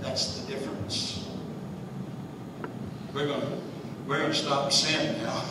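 A man's voice: mid-range voice, level tone, slow. A man teaching an informal church Bible study in a folksy, conversational way, chuckling often. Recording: echoey room, distant mic, faint hiss.

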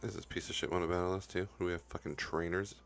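A young man commentates his own game run with a deep, low voice. A gravelly fry runs through his speech as he curses the game in frustration. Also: little pitch movement, rapid-fire, fairly bright tone, a little hiss or hum. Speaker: gaming YouTuber. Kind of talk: profane Let's Play commentary.

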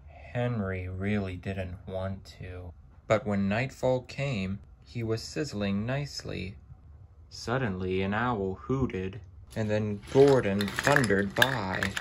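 A man narrating a children's train story in a deliberate storytelling manner. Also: fairly low pitch.

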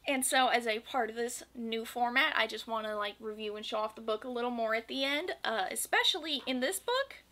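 A woman's voice: on the high side, pushed and bright. A woman reading a children's picture book aloud and chatting about it afterward. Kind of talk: read-aloud storytelling.

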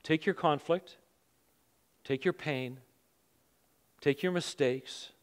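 A man's voice: a little high, slow, clear, resonant tone. Man preaching in a reverberant church hall. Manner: storytelling, acts out his own thoughts with rising intensity. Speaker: pastor. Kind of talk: sermon. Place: church auditorium.

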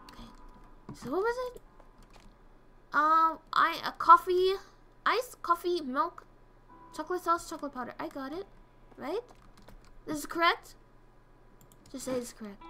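Excitable streamer girl w/ a bright high voice, swears a lot, soft music under it. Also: measured pace, pauses often. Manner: excitable, swears, reads game dialogue aloud. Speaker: streamer playing a game. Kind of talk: casual gameplay commentary.

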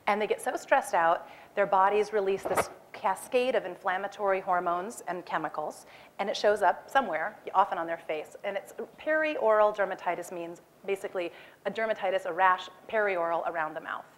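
Woman, forties, stage talk, lively storytelling, acts out her own lines. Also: medium pitch, fairly quick, slight background noise. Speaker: speaker. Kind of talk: animated personal storytelling talk.

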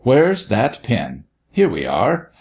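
A man voicing a jolly, brisk doctor who bustles and talks heartily in an audiobook reading. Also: medium pitch, huge pitch swings, a little mellow, pitched above the performer's own voice. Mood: hearty. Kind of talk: audiobook character voice.

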